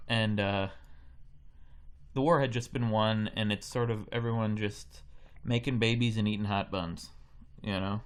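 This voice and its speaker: A man hosting a live podcast, improvising a silly story with playful deadpan asides. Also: on the low side, measured pace, pauses often, clear, resonant tone. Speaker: podcast host.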